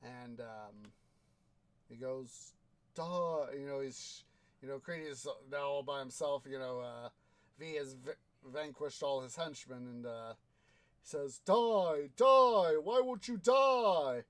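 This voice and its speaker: A man's voice: medium pitch, steady tone, clear, resonant tone. A man with a Midwestern American accent casually commentating his Minecraft play alone, rambling with many fillers and counting items aloud. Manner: rambling, halting, many fillers and self-talk. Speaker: Minecraft let's player. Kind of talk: casual solo gameplay commentary.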